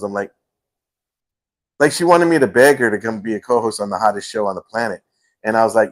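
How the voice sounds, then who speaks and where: Hosting a relaxed home livestream, a man with a lowish voice spins meandering stories loaded with filler words. He talks fast but pauses often.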